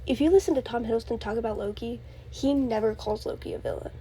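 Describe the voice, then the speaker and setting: A woman's voice: fairly high pitch, fast, warm tone, slight background noise, poor audio. A young woman hosting her own show, rambling casually and gushing about a film character, with many fillers and laughs. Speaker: podcast host. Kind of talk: casual solo rambling talk.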